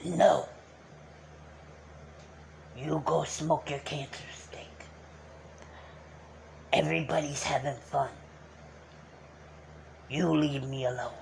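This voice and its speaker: A man putting on a bossy, quick-tempered old Italian uncle in a strained, scratchy voice during a live stream. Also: fairly high pitch, steady tone, creaky, a crowd in the background. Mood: grumpy scolding. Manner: bossy, scolding, threatens and shoos people off. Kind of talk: live-stream character bit.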